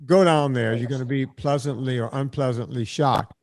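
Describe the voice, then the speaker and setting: A man's voice: mid-range voice, steady tone, normal speed, a little mellow, slight background noise. An older man hosting a podcast, telling a profane, exasperated story in casual chat. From California. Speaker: podcast host.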